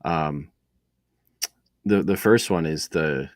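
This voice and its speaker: A man's voice: very deep voice, slow pace, dry recording. A man co-hosting a casual faith podcast, talking in a rambling way with many fillers and restarts. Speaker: podcast co-host.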